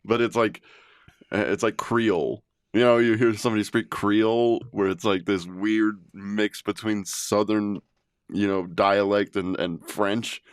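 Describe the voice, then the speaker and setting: A man with a low voice chats casually on a podcast, cursing freely and breaking into laughter often. The sound is dry and close, with no room around it. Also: fairly even intonation, measured pace, clean tone, no room sound. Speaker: podcast co-host. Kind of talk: casual chat.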